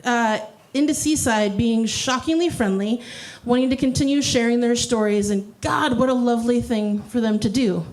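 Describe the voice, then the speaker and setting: A woman's voice: a little high, normal speed, few pauses, a little mellow, low-quality recording. A young woman doing stand-up on a club stage, wry and self-deprecating, sliding into a mock slam-poetry delivery. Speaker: stand-up comedian. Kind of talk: stand-up comedy.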